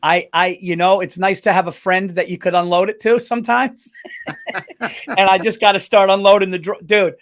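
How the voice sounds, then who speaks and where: An animated man with a fairly high voice tells a story on a casual podcast, swearing often. His delivery is chatty and lively, and he quotes what other people said as he goes. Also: normal speed. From United States. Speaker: podcast co-host. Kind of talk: casual chat.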